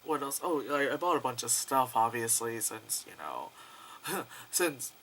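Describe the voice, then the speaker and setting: Rambling, excitable young-sounding man vlogging. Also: mid-range voice, measured pace, slight background noise, poor audio. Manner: rambling, heavy on fillers and swearing. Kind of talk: casual vlog chat.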